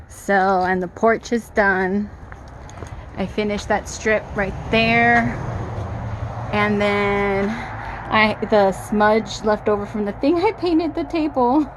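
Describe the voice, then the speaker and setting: Slow, frank woman vlogger outdoors, swears freely, faint outdoor noise on the track. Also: medium pitch. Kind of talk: casual vlog monologue. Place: outdoors at a rural home, in the yard.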